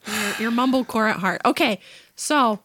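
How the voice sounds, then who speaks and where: A woman in her thirties co-hosting a casual podcast, animated and teasing with a theatrical edge. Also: fairly high pitch, normal speed. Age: 30s. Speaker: podcast co-host. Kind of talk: casual chat.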